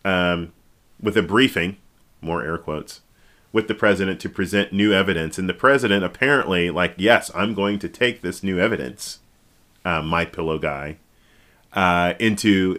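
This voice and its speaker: A man hosting a podcast, giving casual, jokey political commentary that rambles, restarts and breaks into sudden high exclamations. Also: a bit bright. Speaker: podcast host. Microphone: podcast microphone.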